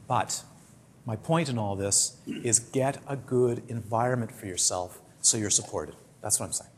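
A man's voice: medium pitch, a little mellow, slight background noise. A man with a British accent, a meditation teacher giving a conversational teaching talk to a retreat group, full of anecdotes. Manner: conversational, anecdotal, acts out quoted complaints.

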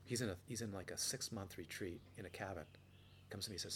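A man teaching meditation in a relaxed dharma talk, telling anecdotes with frequent restarts and playful quoted voices, with faint noise behind. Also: low-pitched, fast.

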